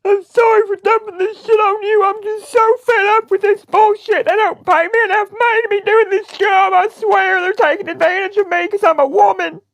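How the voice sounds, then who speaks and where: A woman's voice: extremely low pitch, sing-song, moderate pace, vocal fry, full character voice. A woman playing a worn-out, crude older woman on a prank phone call. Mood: sobbing, fed up. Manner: crude, rambling complaints. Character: worn-out older Southern woman, crass and blunt. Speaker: prank caller.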